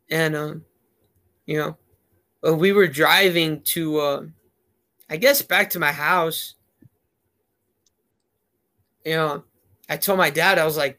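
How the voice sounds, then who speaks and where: A man's voice: fairly high pitch, normal speed, bright, forceful tone. A man telling a rambling story in a casual chat, heavy on fillers.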